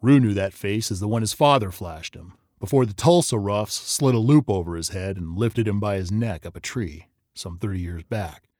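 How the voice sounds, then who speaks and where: Man narrating, low voice, measured storytelling, dry close sound. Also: darkish tone, no echo. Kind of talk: scripted audiobook narration.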